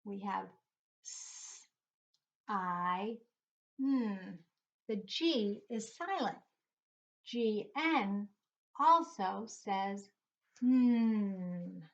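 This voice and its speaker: A middle-aged woman teaches young children a phonics lesson, speaking very slowly and sounding each letter out one at a time. She keeps her pitch in an ordinary middle range. The recording is dull and lo-fi. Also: lively intonation. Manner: slow, patient, spells out letters one by one.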